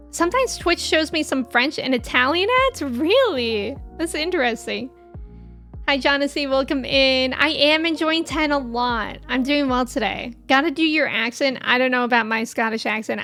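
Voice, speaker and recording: A woman's voice: high voice, sharp tone. A young American woman streaming a game, chatting casually and rambling with viewers, laughing often. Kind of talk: casual chat with live viewers.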